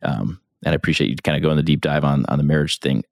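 A man with an extremely deep voice hosts a podcast, encouraging and affirming as he talks. The recording is dry and close, with no room around him. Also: quick pace, vocal fry, a little mellow, no echo. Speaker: podcast host. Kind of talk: casual interview.

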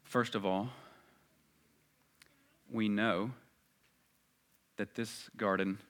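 Earnest bright-voiced male preacher. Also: flat delivery, drawn-out words. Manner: earnest, swells loud and high at emphatic moments. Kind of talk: sermon.

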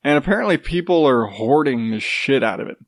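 A man's voice: medium pitch, animated, a little fast, dry recording, studio quality. A man with a congested, stuffy nose, rambling sarcastically in a casual, profane chat. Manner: rambling, sarcastic, swears freely.

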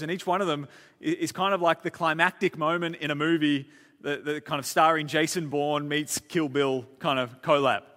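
Bright-voiced storytelling preacher man. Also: fairly high pitch. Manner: lively storytelling, casual asides, frequent repeats. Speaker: pastor. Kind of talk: sermon. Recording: long church-hall reverb.

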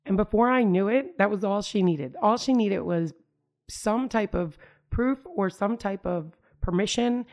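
A woman's voice: medium pitch, measured pace, a little mellow. A middle-aged woman from the United States, telling a personal story in a conversational way, full of "like" and "you know". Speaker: storyteller recounting family life.

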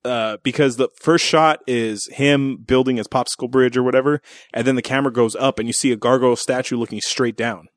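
A man's voice: medium pitch, steady tone, fairly quick, dry recording, clean studio sound. A man co-hosting a casual podcast, recapping a film and acting out its lines, swearing freely. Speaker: podcast co-host. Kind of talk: casual movie-recap chat.

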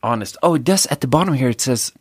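A man's voice: mid-range voice, lively intonation, fast talker, slightly rough, no echo. Rambling man in a dry room. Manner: rambling, self-mocking, offhand. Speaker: podcast host. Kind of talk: casual solo drink tasting chat.

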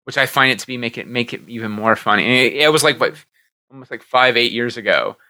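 A man co-hosts a casual movie chat with a very bright, forward tone. He rambles, restarts his sentences and swears freely. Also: mid-range voice, fast talker. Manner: loose, profane, rambling with restarts. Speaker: podcast co-host.

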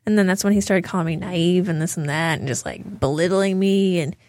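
A woman's voice: on the low side, brisk, darkish tone, no echo. Woman on a podcast telling a story, plays out the quotes, dry mic. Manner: storytelling, acting out quoted exchanges. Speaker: podcast co-host. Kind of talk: casual chat.

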